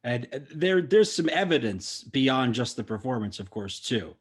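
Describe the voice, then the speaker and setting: A man hosting a podcast, talking in a relaxed, casual way and asking a guest questions. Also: mid-range voice, moderate pace, husky. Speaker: podcast host. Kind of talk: casual chat.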